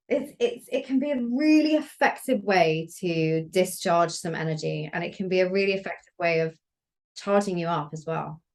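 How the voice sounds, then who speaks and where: Woman guest, somatic practitioner, low voice, calm gentle delivery. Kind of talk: relaxed podcast conversation.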